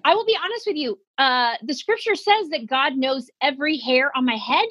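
A woman in her forties telling comic stories about aging, animated and self-deprecating, acting out little quotes. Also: high-pitched, normal speed, no echo, low-quality recording. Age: 40s. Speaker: comedian guest. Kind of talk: comedic storytelling in conversation.

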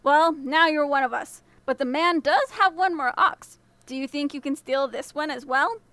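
A woman's voice: high voice, moderate pace, a bit bright, dry recording. A woman voicing a gang of scoffing male thieves in a fairy tale reading. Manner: scoffing, gruff.

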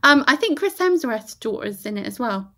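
A woman's voice: on the high side, expressive, moderate pace, fairly bright tone. A woman co-hosting a casual chat about a movie, talking freely, laughing often and trailing off mid-sentence. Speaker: podcast co-host.

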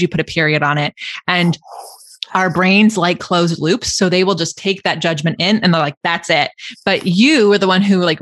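A woman's voice: fairly low pitch, a bit bright, dry recording. A woman hosting a podcast, talking reflectively in a casual conversation with frequent restarts. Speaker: podcast host.

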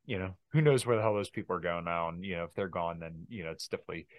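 A man hosting a podcast, talking in a laid-back, halting way with many fillers. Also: low-pitched, no echo. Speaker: podcast host. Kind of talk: casual podcast interview.

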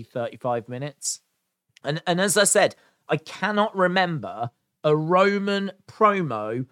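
A man giving a chatty, excitable recap and review of a wrestling show, full of fillers. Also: on the high side, no echo, clean studio sound. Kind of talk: casual spoken recap and review.

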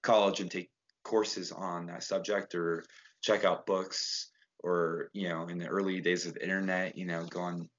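A man's voice: low voice, little pitch movement, normal speed, a bit bright. A man talking as a podcast guest, earnest and rambling with fillers in a casual chat. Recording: dull lo-fi sound.

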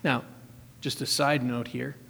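A man's voice: mid-range voice, flat delivery, a little slow, creaky, fairly bright tone. Man, pastor, sermon, reads scripture then explains, emphatic repetition, long hall reverb.

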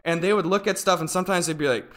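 Bright, fired-up young man ranting. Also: high voice, racing. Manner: animated, swearing, rants loudly. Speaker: podcast co-host. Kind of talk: casual chat.

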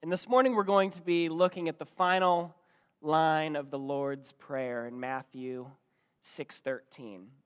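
Higher-voiced man preaching a sermon. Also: fairly even intonation, measured pace, clear, resonant tone. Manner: storytelling with dynamic swings in loudness. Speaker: pastor. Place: church.

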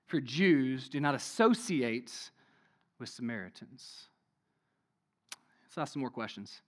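A man's voice: mid-range voice, moderate pace, pauses often. A man preaching a sermon in a conversational way, with many rhetorical questions, frequent "right?" tags and "y'all". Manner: says "y'all".

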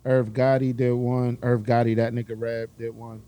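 Mellow-voiced man listing details. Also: medium pitch, little pitch movement, moderate pace, slight background noise. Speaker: podcast co-host. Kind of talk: casual chat.

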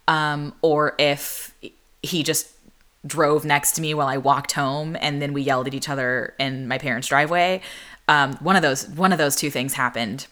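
Singer-songwriter, woman, 30s, deep voice, candid storyteller, loose and laughing. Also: a bit bright. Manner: chatty and candid, full of "like" fillers, laughs often. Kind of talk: casual storytelling.

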